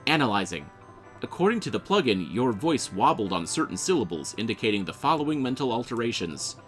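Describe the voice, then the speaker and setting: A man's voice: medium pitch, big pitch swings, fairly quick, soft background music, close to an everyday voice. A man voicing a cheerful, overly friendly male AI assistant program in a game. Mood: informative. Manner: chirpy, overly friendly, calls the player friend.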